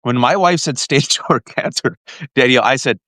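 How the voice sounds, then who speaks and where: A man in a podcast interview tells a deeply personal story with emotional intensity. He talks in a lively, animated way, stumbling and restarting as he goes. His voice sits at an ordinary middle pitch, and the sound is dry and close. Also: moderate pace, dry recording. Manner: animated, emotional, frequent restarts and direct address to the guest. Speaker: podcast host. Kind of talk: heartfelt personal storytelling to a guest.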